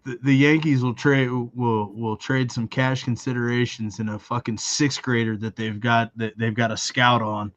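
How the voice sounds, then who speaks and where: A man's voice: mid-range voice, little pitch movement, normal speed, hardly any pauses, fairly bright tone. Dry, teasing man on a slightly dull lo-fi podcast mic. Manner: dry, teasing, swears casually. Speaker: podcast co-host. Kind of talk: casual wrestling podcast chat.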